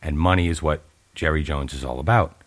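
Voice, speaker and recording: A man's voice: extremely low pitch, brisk. A man co-hosting a casual sports podcast, laughing easily and explaining his point firmly. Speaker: podcast co-host.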